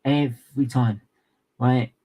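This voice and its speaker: A young man delivers an angry football rant. He speaks slowly and leans on every word, swearing often and repeating himself for emphasis. His voice sits at an ordinary middle pitch. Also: fairly even intonation, warm tone, poor audio. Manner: furious, sweary, emphatic and repetitive. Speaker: football fan channel co-host. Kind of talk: angry match reaction rant.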